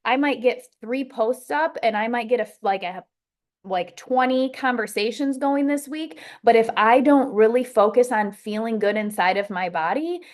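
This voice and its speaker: Woman, team leader, casual coaching talk, chatty and rambling, fillers, slightly high voice. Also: normal speed. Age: adult with a child.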